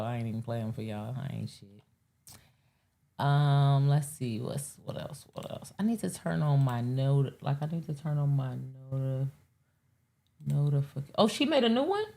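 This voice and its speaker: A woman's voice: extremely low pitch, animated, normal speed, gravelly, mellow. A woman hosting a live show, chatting casually and profanely to her chat while fumbling with her setup. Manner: rambling, profane, talks to chat.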